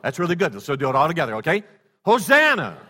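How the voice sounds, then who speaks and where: A man preaching a sermon, swinging from loud exclamations to hushed low passages and leading the congregation in call-and-response. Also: expressive, very fast, slightly rough. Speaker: pastor. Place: church sanctuary. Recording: long hall reverb.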